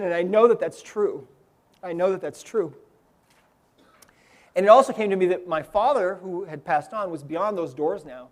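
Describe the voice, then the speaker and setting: Earnest high-voiced man telling a story. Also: darkish tone. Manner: earnest storytelling, frequent "right?" checks. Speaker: seminar speaker. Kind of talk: inspirational seminar talk. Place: seminar room with live audience.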